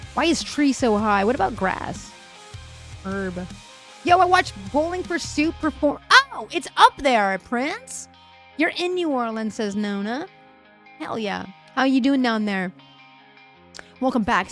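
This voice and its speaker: A young woman livestreaming, chatting playfully with her viewers, reading their comments aloud and laughing often as she thinks aloud. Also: high-pitched.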